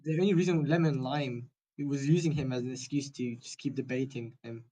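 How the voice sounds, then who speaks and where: A man's voice: medium pitch, a little fast, warm tone. A man in casual voice-chat banter, blunt and mocking. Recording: muffled lo-fi voice chat.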